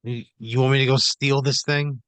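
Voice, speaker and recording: A man's voice: medium pitch, steady tone, moderate pace, fairly bright tone, clean tone, no room sound. Male improv co-host, exasperated and profane, restarts lines, medium voice, dry recording. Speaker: podcast co-host playing along in improv. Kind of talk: improvised comedy.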